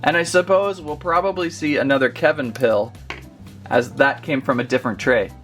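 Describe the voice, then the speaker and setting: Toy-review host: chatty, rambling man, mid-pitched, faint music behind. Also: normal speed, fairly bright tone. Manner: chatty, rambling, easily amused. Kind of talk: casual unboxing review.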